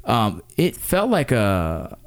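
A man in his thirties from Los Angeles, retelling a memory to his father in casual conversation, fast and animated with frequent restarts. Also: lowish voice, clean tone. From Los Angeles, USA. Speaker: son recalling a disaster with his father.

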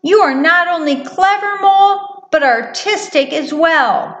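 A woman voicing an excitable little female mouse in a children's story, with a high squeaky voice and an eager, giggly manner. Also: unhurried. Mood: eager, chirpy. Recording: roomy echo.

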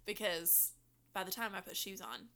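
A woman's voice: mid-range voice, lively intonation, moderate pace, bright, forceful tone. A young woman with a slight Southern twang, co-hosting a casual podcast and laughing easily. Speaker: podcast co-host.

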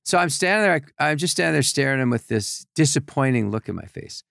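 An older man with a gravelly voice, telling rambling anecdotes as a podcast guest in casual chat. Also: mid-range voice, animated, fast, fairly bright tone, no echo, clean studio sound. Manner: rambling anecdotes with repeated restarts. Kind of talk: casual storytelling.

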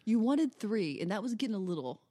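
A woman's voice: medium pitch, sing-song, a little fast, mellow. A woman in her late thirties co-hosting a casual podcast chat, playful and teasing with a ready laugh. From Georgia, USA. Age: 30s. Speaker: podcast co-host.

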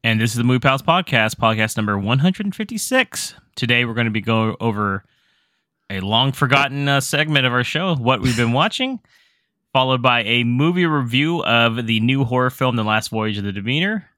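Bright, upbeat male host, easy podcast patter, dry sound. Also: mid-range voice, lively intonation, normal speed, no room sound. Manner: upbeat episode rundown. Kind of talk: casual chat.

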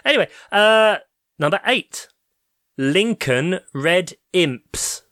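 A man's voice: high-pitched, lively intonation, slow, sharp tone, dry recording, clean studio sound. A man hosting a casual podcast football quiz, reading out answers in a playful, teasing way. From England. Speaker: quiz host.

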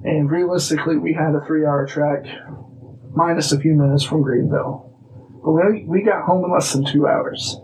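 A man from Illinois, a guest telling a personal story casually, animated and acting out bits of dialogue. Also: fairly high pitch, normal speed, poor audio. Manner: animated, acts out dialogue, restarts phrases.

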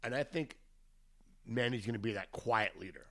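A man's voice: lowish voice, normal speed, creaky, sharp tone. Easygoing man co-hosting a podcast. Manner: loose, chatty, drifts off track. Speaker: podcast co-host. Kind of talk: casual chat.

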